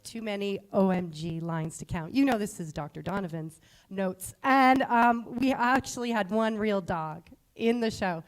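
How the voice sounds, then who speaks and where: A woman's voice: medium pitch, a little slow. A woman school play director cheerfully presenting to a school board and listing facts in an upbeat way.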